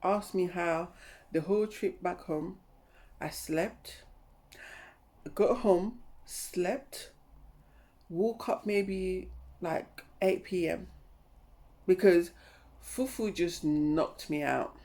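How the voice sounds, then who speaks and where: A middle-aged woman vlogging casually about a trip, animated and laughing as she acts out her own reactions. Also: lowish voice, drawn-out words, pauses often. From lives in London. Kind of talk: casual travel vlog chat.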